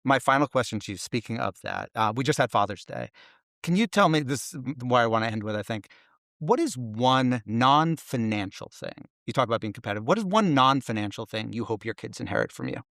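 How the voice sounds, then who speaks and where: A man's voice: mid-range voice, expressive, fairly quick, gravelly, fairly bright tone, no echo, clean studio sound. A man interviewing a guest, asking brief, polite questions.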